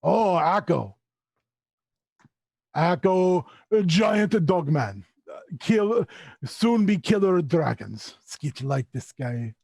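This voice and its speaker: A man voicing a small creature named Skitch who speaks in broken, simple grammar, slow and a bit raised. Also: high-pitched, lively intonation, gravelly, a little mellow, no room sound, clean studio sound, voice pushed up, heavily acted. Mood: cheerful. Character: broken-talking goblin-like male creature Skitch.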